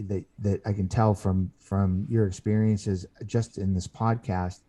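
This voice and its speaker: A man with a very dark, mellow, low-pitched voice. He speaks as a guest in a podcast interview. He tells his stories earnestly, stopping and restarting mid-sentence. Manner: earnest storyteller who acts out quoted voices; halting, with frequent restarts. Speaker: guest author.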